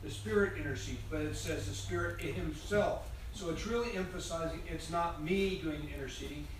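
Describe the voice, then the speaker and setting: A man with a somewhat high voice speaks up in a class discussion and earnestly presses his point, repeating words to drive it home. He is far from the mic, so his voice sounds distant and very echoey over steady room noise. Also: moderate pace. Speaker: class participant.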